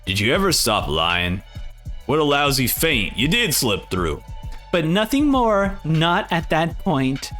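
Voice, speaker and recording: A man voicing a gruff, calculating older male fighter in a low, grim, measured way. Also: huge pitch swings, a bit bright, soft background music, heavily acted.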